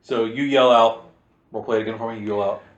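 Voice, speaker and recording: A man's voice: medium pitch, fairly even intonation, fast, lo-fi sound. A man running a tabletop game as game master, steadily explaining rules and narrating the action. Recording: echoey room.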